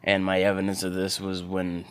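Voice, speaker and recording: Low-voiced man rambling sarcastically. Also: normal speed, clean tone. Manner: sarcastic, crude deadpan humor. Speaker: solo podcaster. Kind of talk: rambling casual monologue.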